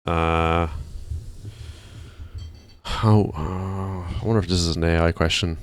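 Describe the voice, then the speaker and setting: A man's voice: low voice, steady tone, slow. A man streaming, chatting casually and ranting to himself as he browses.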